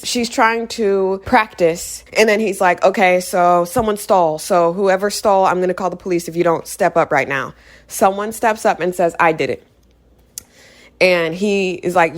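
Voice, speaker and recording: A woman recapping a movie in a casual, animated rant, exasperated and sarcastic, acting out the characters' lines in quick asides. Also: fairly low pitch. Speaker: movie commentator.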